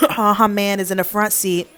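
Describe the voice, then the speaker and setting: A woman's voice: mid-range voice, steady tone, a little slow, a bit bright. A young woman telling an emphatic, profane story on her vlog. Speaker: vlogger.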